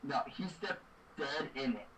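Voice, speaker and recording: A young man co-hosting a podcast, telling stories in a laughing, animated way. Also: medium pitch, unhurried, a crowd in the background. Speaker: podcast co-host. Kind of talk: casual storytelling chat. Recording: distant mic with noise behind.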